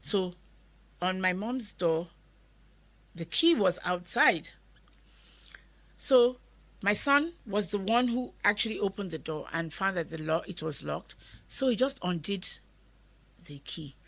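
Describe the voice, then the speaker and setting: A woman's voice: mid-range voice, animated, slow, pauses often, a bit bright. A middle-aged woman with a Nigerian accent, recounting a personal story as an interview guest and acting out what others said. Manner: vivid retelling that acts out others' words.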